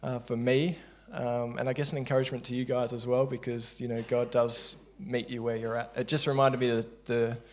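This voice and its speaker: A man with an Australian accent, telling a church testimony in a casual, halting way with many fillers. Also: little pitch movement. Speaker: church member sharing a testimony. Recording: dull low-fidelity sound.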